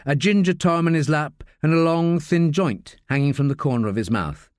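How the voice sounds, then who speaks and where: A man narrating a crime audiobook in an expressive, measured way. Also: a little high, no room sound, clean studio sound.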